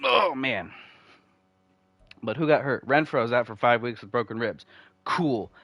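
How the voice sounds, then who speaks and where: Young man, casual game commentary, rambling, reads stats quickly, mid-pitched, dry close mic. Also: expressive, dry recording, dull audio. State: uncomfortable, needs the bathroom. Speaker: video game franchise mode host.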